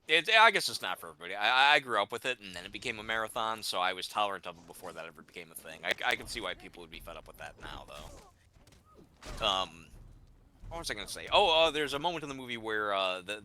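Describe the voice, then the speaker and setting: A man's voice: on the low side, very animated, quick pace, pushed and bright, slight background noise. A man in casual gaming chat, rambling through stories with lots of fillers and restarts.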